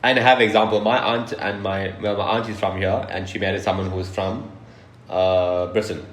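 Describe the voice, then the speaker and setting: A man's voice: low voice, level tone, moderate pace, a bit bright, slight background noise. A man from South Africa co-hosting a podcast, chatty and explaining in casual talk. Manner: chatty, explaining, laughs along. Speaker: podcast co-host. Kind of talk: casual chat. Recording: roomy echo.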